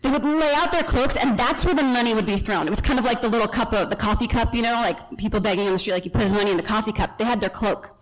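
Lively woman teaching from the Gospels. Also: fairly high pitch, fast talker, few pauses, rough recording. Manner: lively storytelling, acts out the people in the story; chatty asides and self-corrections. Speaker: Bible teacher. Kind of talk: conversational Bible teaching.

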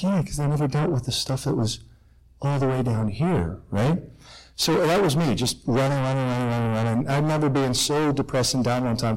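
A middle-aged man, a priest, telling his life story to a room of students in an animated, self-deprecating way that swings between loud and hushed. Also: medium pitch, poor audio. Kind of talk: personal testimony talk to students.

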